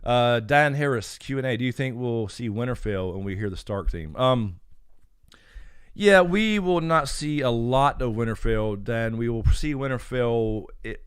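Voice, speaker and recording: A man's voice: mid-range voice, animated, unhurried, clean tone, dry recording, studio quality. A man hosting a casual live stream Q&A, rambling with frequent fillers as he greets chat names. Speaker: YouTube channel host. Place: home.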